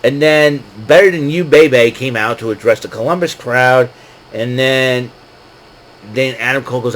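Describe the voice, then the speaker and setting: A man's voice: medium pitch, moderate pace, fairly bright tone, a little hiss or hum, poor audio. A man casually recapping a wrestling show, rambling with lots of fillers and frequent laughs. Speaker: podcast host recapping wrestling.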